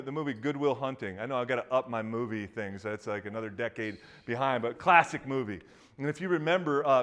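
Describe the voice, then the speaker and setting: A middle-aged man, a pastor, preaching a sermon in a conversational way, with many restarts and fillers, lively in stories and quiet and earnest in prayerful parts. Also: a little high. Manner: animated storytelling that drops to a quiet, earnest tone.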